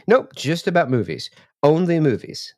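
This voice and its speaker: A man's voice: on the high side, sing-song, moderate pace, darkish tone, dry recording, studio quality. A man co-hosting a comedy movie podcast, giving wry, mock-formal intros. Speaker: podcast co-host.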